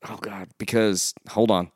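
A man's voice: on the low side, level tone, a little slow, darkish tone, no echo, studio quality. A man co-hosting a podcast in casual chat, laid-back and jokey as he chimes in on the movie. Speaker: podcast co-host.

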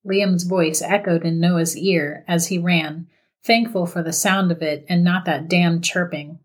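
Woman, horror story narrator, scripted reading, steady and measured, low-pitched.

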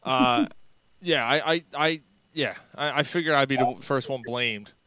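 A man's voice: mid-range voice, a little slow, pushed and bright, no room sound. A man co-hosting a talk show, blunt and insistent, swearing casually as he trades stories. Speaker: co-host. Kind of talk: casual profane banter.

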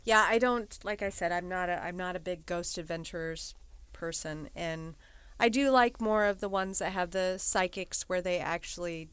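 A woman hosts a podcast in relaxed, casual chat, hesitating and letting sentences trail off. Her voice is lowish and smooth. It is recorded in a dry room. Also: normal speed, dry recording. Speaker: podcast host and researcher.

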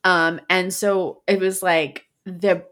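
Woman in her 30s chatting on a podcast, animated storyteller, swears a lot. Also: fairly low pitch, slow pace. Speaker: podcast co-host. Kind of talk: casual chat.

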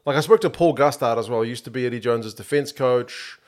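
A man's voice: mid-range voice, fast talker. A man with a New Zealand accent co-hosting a rugby podcast in casual chat, rambling with lots of fillers. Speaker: podcast co-host.

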